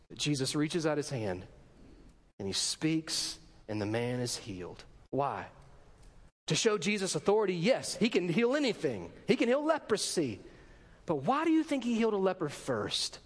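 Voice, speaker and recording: High-voiced preaching man in a reverberant hall. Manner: preaching with dramatic voiced quotes and rhetorical questions. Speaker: pastor. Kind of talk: sermon.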